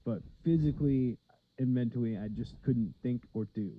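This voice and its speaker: A man's voice: mid-range voice, normal speed, slight background noise. A man co-hosting a comedy podcast in casual, rambling chat with lots of fillers. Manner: laid-back, rambling with many fillers. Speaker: podcast co-host. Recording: slightly dull lo-fi sound.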